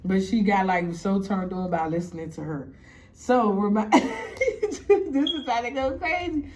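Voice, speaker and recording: A young woman telling a story to her viewers in a casual, animated way, laughing often and filling her talk with "like". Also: mid-range voice, unhurried, slight background noise. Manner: animated, laughing, heavy "like" fillers. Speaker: storytime vlogger.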